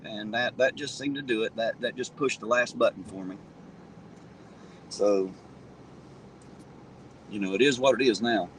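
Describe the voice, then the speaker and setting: A man's voice: on the low side, a little slow, long pauses, a little hiss or hum. A man hosting a casual livestream, talking bluntly and profanely, restarting his sentences as he answers viewers. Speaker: livestream host reading viewer comments.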